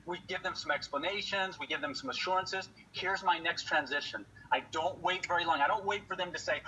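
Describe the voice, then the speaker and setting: Male sales trainer, high bright voice, energetic, slightly muffled audio. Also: a little fast, few pauses. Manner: energetic, acts out customer dialogue. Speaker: solar sales presenter. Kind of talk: training talk to sales team. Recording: slightly dull audio, faint noise.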